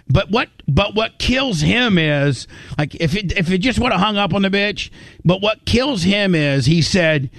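A man's voice: high-pitched, animated, normal speed, dry recording. Rambling man in dry casual chat. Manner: rambling, restarts, emphatic. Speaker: podcast co-host.

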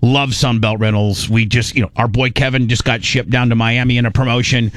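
Male talk-radio host, mid-pitched, casual and rambling, dry close mic. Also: fairly even intonation, a little fast, no echo. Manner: rambling, restarts, lots of fillers.

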